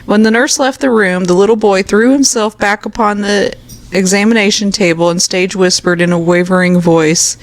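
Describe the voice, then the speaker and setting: A woman's voice: medium pitch, moderate pace, low-quality recording. A woman co-hosting a podcast, reading funny listener stories aloud and often laughing. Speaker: podcast co-host.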